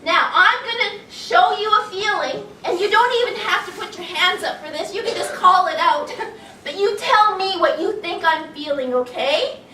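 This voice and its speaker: A woman giving an animated talk to an audience, playful and exaggerated, gasping and laughing as she acts out feelings. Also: very high voice, normal speed, far from the mic, slight background noise. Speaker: children's educator giving a talk. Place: large room with an audience. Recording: echoey room recorded from afar, faint ambience.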